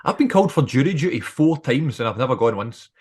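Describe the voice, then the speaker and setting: A man's voice: mid-range voice, sing-song, quick pace, darkish tone, husky. A man hosting a podcast, chatting casually and asking questions. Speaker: podcast host. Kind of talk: casual chat.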